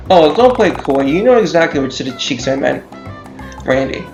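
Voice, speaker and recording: A man's voice: fairly high pitch, sing-song, moderate pace, darkish tone. A man puts on a crude, leering mugger with a drawling street voice. He is brash and sleazy. The sound is roomy and echoey, and game music plays behind him.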